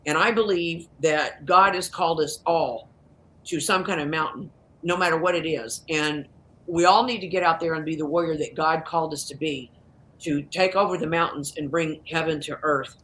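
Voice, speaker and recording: A woman's voice: sits low, moderate pace, slight background noise. A woman in her sixties, a guest on a video call, telling stories with an emphatic, evangelical fervor. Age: 60s. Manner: animated storyteller, evangelical and emphatic. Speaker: guest, documentary producer. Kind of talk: interview over video call.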